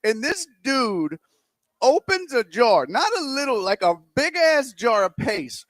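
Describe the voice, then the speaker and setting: A male radio co-host with a high voice that leaps up and down, spinning a rambling story and acting out every quote. He sounds close and dry on a studio mic, with no room sound at all. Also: measured pace, no echo. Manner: animated, rambling anecdote told with acted-out quotes. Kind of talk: casual storytelling on sports talk radio.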